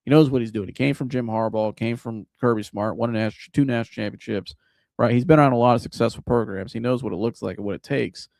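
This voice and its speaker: A man hosting a live sports reaction show, talking in an animated, casual, joking way with some swearing. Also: mid-range voice, fast talker, creaky, dry recording, studio quality. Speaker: sports podcast host.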